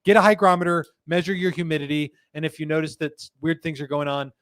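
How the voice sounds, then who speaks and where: A man's voice: on the high side, fast talker, a bit bright, no echo, studio quality. A middle-aged man hosting a live podcast, chatting casually, laughing often and reading viewer comments aloud. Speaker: podcast host. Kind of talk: casual live-show chat.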